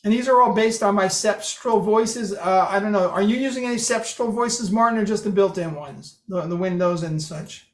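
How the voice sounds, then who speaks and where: A man casually walking a group through software settings, with dry humor and little mimicked phrases. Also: high voice, moderate pace, few pauses. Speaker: presenter demonstrating speech software. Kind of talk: casual group meeting talk. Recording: roomy echo.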